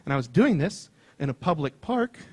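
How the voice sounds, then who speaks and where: A man doing a loud, excitable, self-mocking stand-up comedy set on stage before a live audience. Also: fairly high pitch, brisk, breathy edge.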